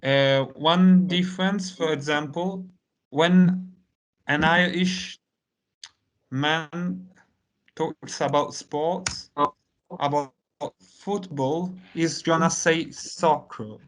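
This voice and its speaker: A man whose first language is Italian, teaching an English lesson in a relaxed conversational way with lots of fillers. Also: a little high. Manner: unhurried, many "you know" fillers.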